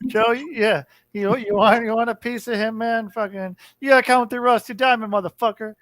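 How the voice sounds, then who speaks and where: A man's voice: very high voice, fairly even intonation, brisk, a bit bright, dry recording. A man talking as a podcast guest in brash, profane banter. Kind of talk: casual chat.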